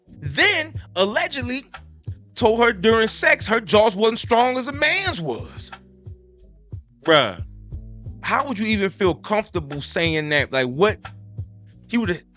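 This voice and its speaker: A man's voice: high voice, pushed and bright. Wry, incredulous male commentator. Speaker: host. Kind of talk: comedic reaction commentary.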